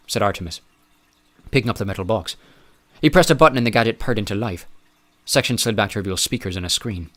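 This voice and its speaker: A man reads a novel aloud in a measured, even way. His narration is steady and unhurried between the character voices. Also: fairly low pitch. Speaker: audiobook narrator. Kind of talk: scripted narration.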